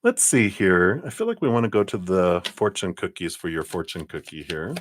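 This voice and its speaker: A man's voice: low voice, lively intonation, moderate pace, a little hiss or hum. A man giving a live-streamed tarot reading, chatty and laughing often, with lots of ums and you-knows. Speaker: tarot card reader.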